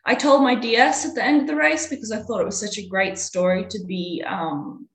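A woman's voice: mid-range voice, expressive, fairly quick, reverberant, low-quality recording. A woman co-hosting a cycling podcast, a former pro rider chatting and telling stories from racing. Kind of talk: casual podcast chat.

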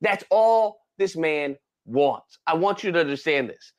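In an unhurried, casual podcast conversation, a male co-host with a high, highly animated voice walks through a movie's storyline. He voices the characters with big pitch swings, sighs dramatically over them, throws in dramatic exclamations, and regularly checks in with whoever is listening.

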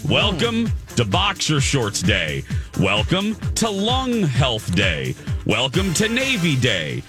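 A man's voice: medium pitch, huge pitch swings, slow, over music. A man hosting a morning radio show, playful and theatrical, with singsong flourishes in his talk. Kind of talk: upbeat talk radio banter. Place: radio studio.

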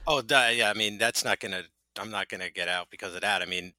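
This podcast co-host has a lowish, sharp voice and talks fast, with no room sound. He rambles casually, using lots of filler words.

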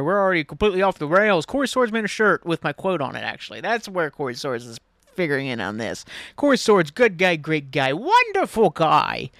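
An American man hosting his own solo podcast, rambling excitedly and swearing freely as he chats. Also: a little high, no echo, clean studio sound. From United States. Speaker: podcast host. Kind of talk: casual solo podcast chat.

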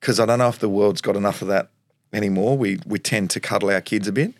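An Australian man in his forties from Tasmania, a former footballer telling animated stories in an interview, laughing often and acting out what people said. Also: on the low side, fast, dry recording, clean studio sound. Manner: animated storyteller, acts out quotes, laughs often. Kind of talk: storytelling interview.

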